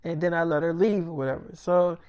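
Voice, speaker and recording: A man's voice: a little high, fairly even intonation, fairly quick, a little mellow, clear, resonant tone, dry recording. Crude rambling male storyteller. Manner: rambling, crude, quotes both sides. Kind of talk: casual freestyle storytelling.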